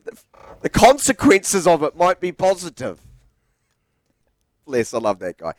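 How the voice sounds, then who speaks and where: Excitable high-voiced male radio host. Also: a little slow, no room sound. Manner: excitable, laughing, teasing. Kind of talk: casual radio banter.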